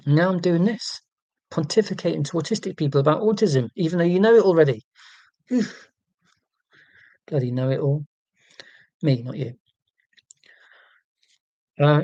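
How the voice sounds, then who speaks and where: A man's voice: fairly high pitch, vocal fry, warm tone, dry recording, highs cut off. A man hosting a casual livestream, reading out viewer comments and talking in an earnest, rambling, self-deprecating way with many ums and restarts. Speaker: livestream host.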